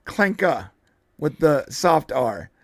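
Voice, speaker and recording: A man's voice: high-pitched, lively intonation, moderate pace, dry recording, clean studio sound. A man co-hosting a live podcast stream, chatting casually in a rambling way with frequent restarts and laughs. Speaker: podcast co-host.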